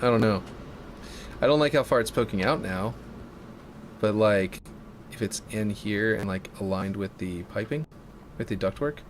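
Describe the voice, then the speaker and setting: Guy with a lowish voice streaming his map build, talking to himself and chat, a bit self-mocking. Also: normal speed, long pauses, slight background noise. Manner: thinks aloud while working, chatty and self-mocking. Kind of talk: casual live-stream commentary.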